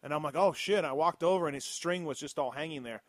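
A man's voice: a little high, no room sound. A man co-hosting a casual chat, cracking jokes and laughing a lot. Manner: quick jokey interjections, laughs a lot. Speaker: podcast co-host.

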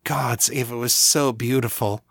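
Male narrator for a novel, unhurried and even, dry studio sound. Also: medium pitch, creaky, slightly rough, no room sound. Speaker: audiobook narrator. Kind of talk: scripted narration.

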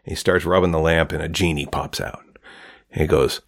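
A man's voice: rumbling low, steady tone, a little fast. A man hosting a podcast, telling jokes in a casual, rambling way with frequent restarts. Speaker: podcast host.

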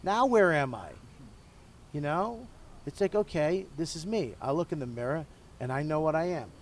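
A middle-aged comedian puffs a cigar during a casual interview, talking about himself in a candid, profane, self-deprecating way. His voice is fairly high and animated at a normal speed, with slight background noise.

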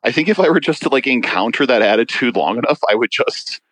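A man speaking as a guest in a casual interview chat, halting with many restarts and fillers. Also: mid-range voice, expressive, fairly bright tone, no room sound. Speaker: guest bodybuilder.

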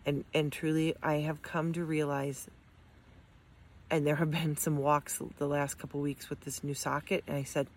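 A middle-aged woman who is an amputee gives a heartfelt motivational talk sharing her experience, her deep voice flat and moderately paced over a little hiss or hum. She's earnest and encouraging, with frequent ums and restarts.

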